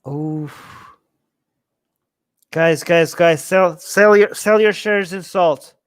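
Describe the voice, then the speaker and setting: A man's voice: high voice, fairly even intonation, takes it slowly, clean tone, no room sound. A man hosting a livestream, commenting on the chat in a sarcastic, mocking way. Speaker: livestream host.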